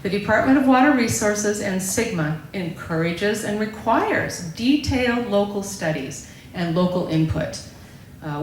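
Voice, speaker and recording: A woman giving a prepared public talk, explaining a ballot measure and often checking in with her listeners. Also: fairly low pitch. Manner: explanatory, keeps checking in with "okay?". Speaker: local speaker presenting on a ballot measure. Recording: very echoey room with faint background noise.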